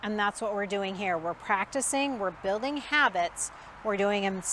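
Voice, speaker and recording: A woman dog trainer teaching outdoors. She explains the training in a calm, quiet, measured way. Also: medium pitch. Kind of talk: instructional dog training demonstration. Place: outdoors in a backyard. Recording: outdoor recording with faint background noise.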